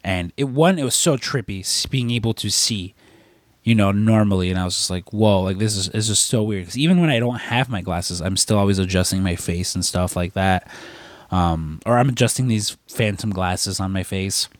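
A man's voice: sits low, normal speed, no echo. A man co-hosting a podcast, telling a rambling story in casual chat and swearing freely. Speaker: podcast co-host.

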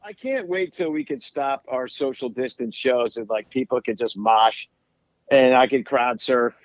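A man's voice: mid-range voice, dry recording. Rambling man, dull lo-fi sound. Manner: rambling, many restarts and laughs. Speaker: musician guest. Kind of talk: casual interview chat.

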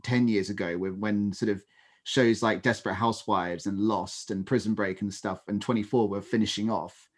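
A man co-hosting a podcast, talking things through in a measured, reasoning way with dry humor. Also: fairly low pitch, steady tone. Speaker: podcast co-host. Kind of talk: casual chat.

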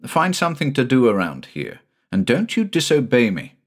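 A man voicing a careful, frightened country doctor speaking gently to his son. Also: medium pitch, huge pitch swings, moderate pace, voice pushed up. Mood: anxious.

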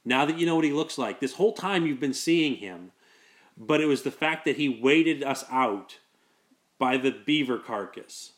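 A man's voice: mid-range voice, animated, normal speed. A man in casual podcast banter, teasing and joking with his friends.

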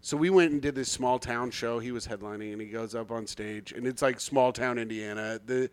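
A man's voice: medium pitch, a little fast, smooth, no room sound. Dry-sounding man hosting a podcast. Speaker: podcast co-host. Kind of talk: casual comedy podcast chat.

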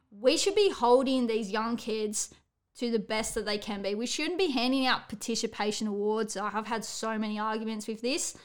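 A young woman, a coach talking bluntly and energetically in a casual motivational podcast monologue. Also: on the high side. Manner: blunt, energetic, tells it how it is. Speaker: athletics coach and podcast host.

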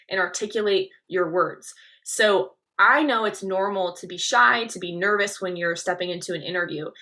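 A young woman hosts a coaching podcast and leans into every point with lively, emphatic stresses. Her voice is bright and forceful, with a mid-range pitch. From Nebraska. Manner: energetic, leaning-in delivery with emphatic stresses. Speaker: podcast host and pageant coach.

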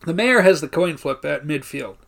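A man's voice: a little high, lively intonation, moderate pace, creaky. Profane rambling man recapping a movie. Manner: rambling, profane, laughs often, acts out lines in loud voices. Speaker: podcast co-host. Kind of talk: casual chat recapping a movie.

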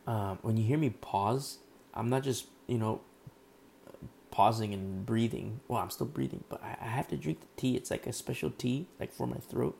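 A hoarse male pastor talks through a sermon in a casual, rambling way with plenty of fillers. His worn-out voice is thick with gravel and sounds mellow and dark. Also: mid-range voice, moderate pace, a little hiss or hum. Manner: conversational, rambling, full of fillers and asides.

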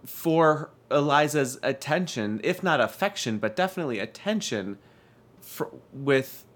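A man co-hosts a casual chat and gushes with enthusiasm. His pitch swings widely and his talk is full of "like"s. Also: a little slow. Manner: animated and enthusiastic, gushing with many "like"s. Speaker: podcast co-host. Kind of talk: casual chat reviewing a TV show.

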